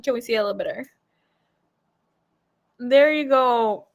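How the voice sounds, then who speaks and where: A woman's voice: fairly high pitch, measured pace, muffled recording. A young adult woman giving a casual tarot reading, chatty and emotional, swearing and tearing up as she talks. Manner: emotional, swears, laughs and tears up. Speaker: tarot reader.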